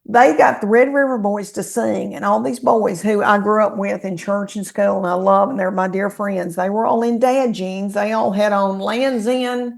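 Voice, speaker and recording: A middle-aged woman with a Southern American accent, a comedian telling animated, folksy stories as a podcast guest. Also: mid-range voice, normal speed, gravelly, hardly any pauses. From Southern US, Tennessee. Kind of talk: casual storytelling chat.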